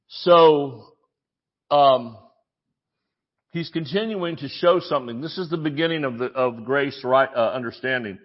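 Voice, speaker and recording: A man preaching a sermon as pastor, conversational and joking, with frequent restarts, reading scripture slowly between asides. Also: medium pitch, dull audio.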